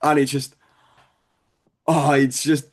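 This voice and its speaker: A man's voice: mid-range voice, little pitch movement, slow pace. A young man with a Scouse accent, a stand-up comedian guest telling rambling, sweary stories and laughing along. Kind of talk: casual storytelling chat.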